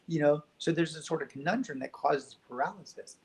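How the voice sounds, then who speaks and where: Soft-spoken guy on a spiritual talk show, reflective, telling personal stories. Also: fairly high pitch, fairly quick, hardly any pauses, poor audio. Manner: gentle, reflective storytelling. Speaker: guest.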